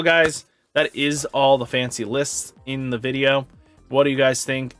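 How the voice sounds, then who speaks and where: A man's voice: mid-range voice, a bit bright. Guy rambling about deck lists, lots of "you know", chill mid voice, bit of music behind. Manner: enthusiastic, rambling with fillers like "you know" and "kinda". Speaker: card game YouTuber. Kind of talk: casual deck-list commentary.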